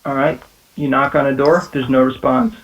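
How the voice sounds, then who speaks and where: Hesitant game master with a distant mic. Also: male voice, medium pitch, fairly even intonation, moderate pace, lo-fi sound. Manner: hesitant, filler-heavy, laughs often. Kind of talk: narrating a tabletop game.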